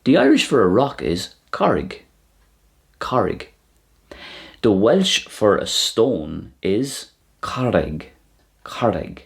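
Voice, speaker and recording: A man with a fairly low voice gives a recorded language lesson at a very unhurried pace. He says each word twice, clearly and deliberately, so listeners can hear how it is pronounced. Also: very animated. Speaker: language teacher.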